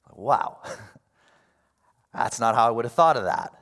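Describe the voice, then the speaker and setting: A man preaching a sermon in a casual, animated way, going from quiet asides to loud bursts. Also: medium pitch, measured pace. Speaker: pastor.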